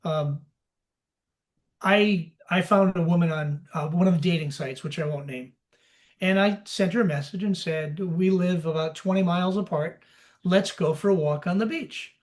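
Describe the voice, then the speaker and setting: A man guesting on a podcast, his voice sitting somewhat high for a man. He tells anecdotes in an easy conversational way, playing out the lines of the people in them. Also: normal speed. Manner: storytelling, acting out quoted dialogue. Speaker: podcast guest, sales expert. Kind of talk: casual interview talk.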